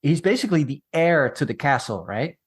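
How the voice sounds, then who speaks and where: A man's voice: a little high, big pitch swings, fairly quick, slightly rough. A man co-hosting a film podcast, chatting casually and telling rambling stories with wry, jokey asides. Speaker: podcast co-host.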